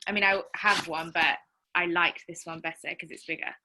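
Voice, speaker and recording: A woman chatting excitedly on a group video call, rambling with many fillers. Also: fairly low pitch, brisk, slight background noise. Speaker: call participant. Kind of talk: casual group-call chat.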